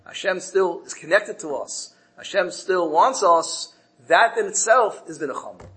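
A man with a fairly high, fairly bright voice tells a parable during a Torah lesson, raising his voice when he quotes the characters. He is animated, speaks at a normal speed, and often repeats words and restarts phrases. The audio quality is poor.

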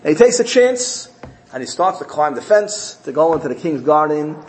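A man gives an earnest, animated Torah lesson, telling stories in a slightly high-pitched voice. Faint ambient noise sits under the recording. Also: moderate pace, poor audio. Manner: earnest, animated storyteller mixing Hebrew terms. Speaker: rabbi teaching a Torah class.

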